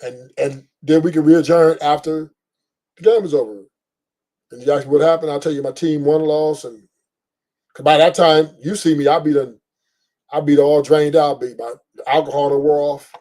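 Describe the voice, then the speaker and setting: High-voiced profane man ranting on a podcast. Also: normal speed. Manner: profane, boisterous, animated asides. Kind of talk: casual storytelling rant.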